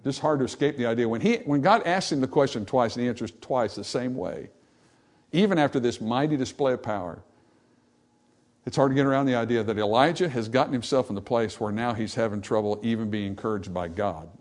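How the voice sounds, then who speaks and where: A man preaching a sermon, animated and acting out the voices in the scripture passage, then dropping to softer, reflective tones. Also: medium pitch, a little fast. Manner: animated, acts out dialogue from scripture. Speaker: pastor.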